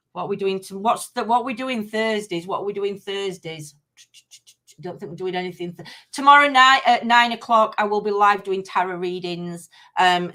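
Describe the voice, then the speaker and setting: Bright-voiced woman chatting live. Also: medium pitch. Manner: rambling, many ums and restarts, reads chat aloud. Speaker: livestream host. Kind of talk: casual live-stream chat.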